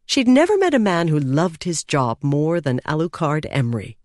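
An audiobook narrator reading a fantasy novel in a measured, expressive way. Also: mid-range voice, dry recording, clean studio sound. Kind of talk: scripted narration.

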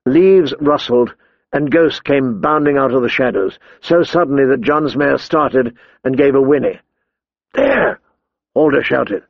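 A man narrating an audiobook in a steady, measured way. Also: mid-range voice, vocal fry, dry recording, lo-fi sound. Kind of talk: scripted narration.

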